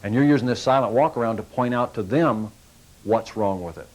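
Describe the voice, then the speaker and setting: A man's voice: on the low side, fairly quick, a little mellow, rough recording. A man giving a sales training talk to car salespeople, folksy and coaching, acting out little customer exchanges as he goes.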